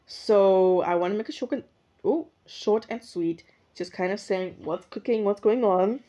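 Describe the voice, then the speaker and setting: A woman's voice: fairly low pitch, moderate pace, mellow, dull audio. A young woman hosting her own podcast alone, thinking aloud in a rambling, reflective way and often correcting herself mid-sentence. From South Africa. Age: young adult. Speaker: podcast host. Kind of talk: casual solo podcast monologue. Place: indoors at her usual recording spot.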